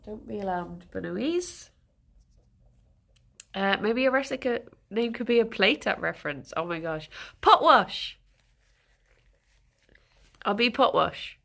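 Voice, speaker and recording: A woman's voice: fairly high pitch, animated, a little slow, vocal fry, pauses often, fairly bright tone. A woman streaming casually, giggly and rambling, chatting with viewers and talking to her rabbits, a bit sniffly.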